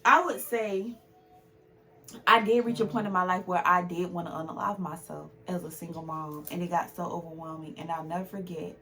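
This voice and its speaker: A woman's voice: fairly low pitch, steady tone, moderate pace, fairly bright tone, slight background noise. A woman hosting a podcast, speaking candidly and with feeling in a casual chat. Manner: emphatic, heartfelt, speaks in a dialect. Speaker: podcast host.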